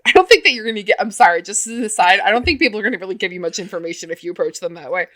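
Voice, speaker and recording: A woman running a tabletop game as game master, who keeps things moving with quick check-ins. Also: medium pitch, lively intonation, a bit bright. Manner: brisk, many quick "okay" and "all right" check-ins.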